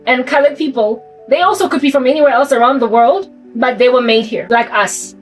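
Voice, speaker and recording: A South African woman muses aloud in a loose, rambling vlog monologue, her voice sitting high. She sounds a little distant from the microphone, with faint music playing underneath. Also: brisk. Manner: rambling, musing, thinks aloud. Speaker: vlogger. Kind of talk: casual monologue.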